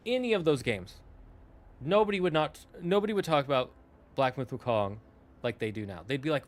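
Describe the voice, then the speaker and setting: A man's voice: mid-range voice, moderate pace. A young man streaming, chatting casually and rambling, often correcting himself and breaking off into asides to chat.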